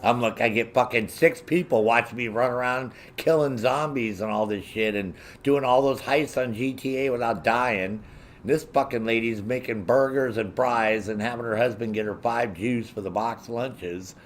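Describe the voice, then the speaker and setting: Male streamer, casual profane rant, indignant, mid-pitched voice, faint ambience. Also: moderate pace, slight background noise. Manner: profane, heavy swearing; animated, indignant. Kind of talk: casual ranting to stream viewers.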